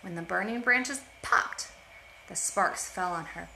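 Bright-voiced woman reading a storybook aloud. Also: mid-range voice, measured pace, vocal fry, slight background noise. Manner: expressive, with asides about the pictures. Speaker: storytime reader. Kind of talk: reading a picture book aloud to children. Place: at home. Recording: roomy home echo.

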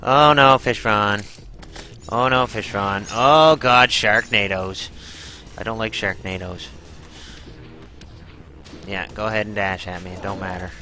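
A man's voice: on the low side, steady tone, unhurried, long pauses, bright, forceful tone, soft background music, rough recording. A man giving live gameplay commentary, exclaiming, groaning and swearing as he fights a boss. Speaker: gaming channel host.

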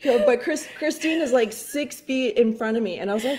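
A woman with a fairly high voice tells a family story in a chatty way. She laughs and acts out what people said. A faint hiss sits behind her. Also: a little fast, darkish tone. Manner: chatty, laughing, acting out quotes. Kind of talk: casual storytelling.

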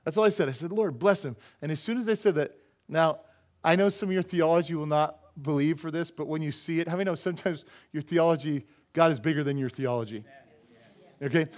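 A male pastor preaching a sermon in a church, telling a story with animated, laughing delivery. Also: a little high, a little fast.

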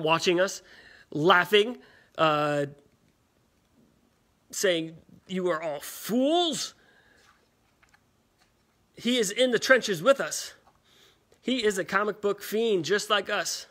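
Man, high pitch, live shopping host, rambling, jokey, casual sales chat. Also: pushed and bright. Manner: rambling, jokey, filler-heavy.

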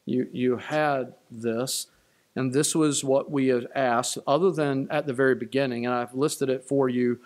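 A man's voice: mid-range voice, fairly even intonation, measured pace, a little mellow. A man preaching a sermon as pastor of his church, emphatic and repeating key lines. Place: church sanctuary.

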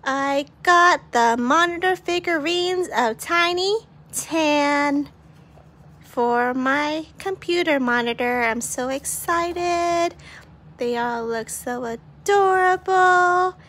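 A young woman vlogging casually at home, bubbly and giggly as she talks excitedly. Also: high voice, slow pace. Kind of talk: casual unboxing vlog.

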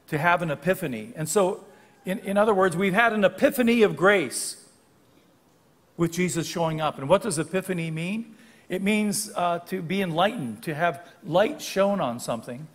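In a church sanctuary, an older man preaches as a guest, teaching the text conversationally and stopping now and then to fix his wording. His slightly high voice trails a long reverb, and the hall rings after each phrase.

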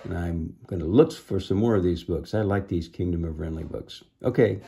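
A man reading a children's book aloud, adding gentle asides to explain the lesson. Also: deep voice, moderate pace, gravelly. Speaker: reader.

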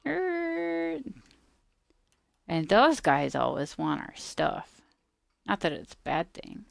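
Chatting through gameplay, a woman video maker talks to the creatures, scolds them playfully and sometimes drops to a murmur. Her deep, gravelly voice is animated yet measured in pace, with no echo.

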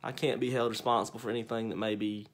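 A man's voice: on the low side, level tone, quick pace. A man, a pastor, giving a livestreamed devotional and prayer from a child's bedroom at home, speaking earnestly in repeated lists and praying fervently.

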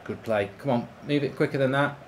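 A man streaming a football video game, reacting loudly, swearing and cheering at the play. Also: mid-range voice, a little fast. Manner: excitable, swears, shouts at the game. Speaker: gaming streamer. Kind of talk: live football game commentary.

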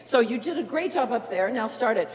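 Lively-voiced woman coaching a singer. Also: on the high side, brisk, big-room sound. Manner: encouraging, demonstrates phrases by singing. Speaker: opera masterclass teacher. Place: church with long reverb.

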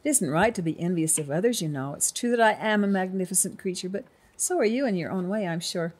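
A woman's voice: on the low side, expressive, fast, darkish tone, slightly rough. A woman voicing a proud, stern male dragonfly in a storybook, firm and lecturing.

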